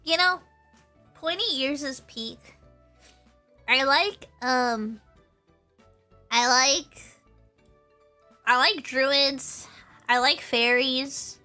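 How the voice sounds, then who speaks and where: A woman's voice: sits high, drawn-out words, long pauses, sharp tone, faint music behind. A young woman streamer in casual chat with her viewers, bubbly and rambling, laughing often and repeating herself.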